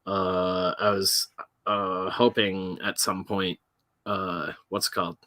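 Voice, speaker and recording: Bright-voiced rambling man on a stream. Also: deep voice, flat delivery, takes it slowly. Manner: swearing, rambling with many fillers. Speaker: podcast co-host. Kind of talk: casual livestream chat.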